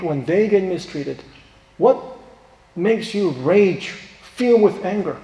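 A man's voice: on the high side, dark tone. A male pastor preaching a sermon, earnest, rising sharply on points of emphasis. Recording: echoey hall with long reverb.

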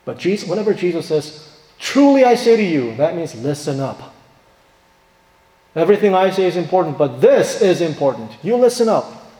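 Man, pastor, emphatic sermon, rhetorical questions, fairly high voice, long hall echo. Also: lively intonation, normal speed. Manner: emphatic, rhetorical questions, swings between loud stress and quiet asides. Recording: echoey hall reverb.

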